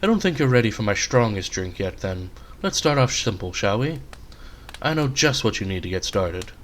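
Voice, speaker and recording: A man voicing an eerie, calm male bartender with a silky voice, polite and quietly mocking. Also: fairly low pitch, moderate pace, slight background noise.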